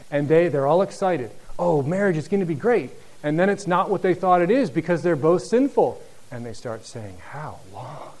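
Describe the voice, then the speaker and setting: A man preaching a sermon, reading scripture and acting out the speakers, then growing soft and low at the end. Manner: animated, acts out voices in quotes, drops soft and low near the end. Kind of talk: sermon, Bible teaching.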